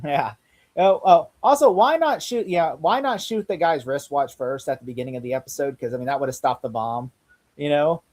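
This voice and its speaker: A man with a high voice rambles excitedly through a casual review chat, restarting sentences as he goes. His pitch sits well above most men's, and he jumps from point to point as he co-hosts. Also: fairly quick, poor audio. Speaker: podcast co-host.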